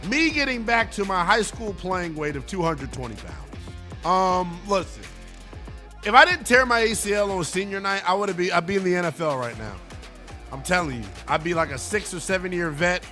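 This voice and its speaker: A man with a high, bright voice hosts a sports talk radio show. He jokes and boasts his way through a lively monologue. Faint music plays under his studio voice. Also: normal speed.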